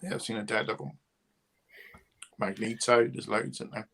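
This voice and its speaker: Gravelly English man in casual chat. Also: lowish voice, little pitch movement, normal speed, fairly bright tone. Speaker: toy show co-host.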